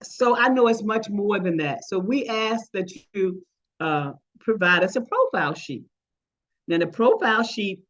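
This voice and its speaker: A woman's voice: mid-range voice, dull audio. An older woman, a retired teacher, presenting an online workshop and telling stories with acted-out quoted voices. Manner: storytelling, acts out quoted voices. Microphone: video call.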